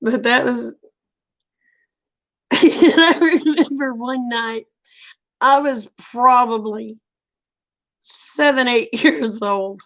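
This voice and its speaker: A middle-aged woman with a drawl tells a story in a casual, animated way, acting out every quoted line. Her voice sits a little high and has a gravelly fry. She sounds like she is chatting with a friend. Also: drawn-out words, long pauses. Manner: folksy, animated storyteller who acts out quoted dialogue. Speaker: vlogger telling stories.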